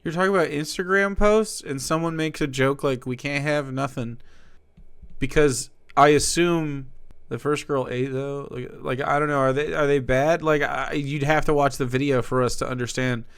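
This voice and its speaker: A man's voice: a little high, steady tone, moderate pace, clear, resonant tone, dry recording. A man streaming live, giving sarcastic, mocking commentary on a video clip. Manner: sarcastic, mocking asides with laughs. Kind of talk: casual commentary.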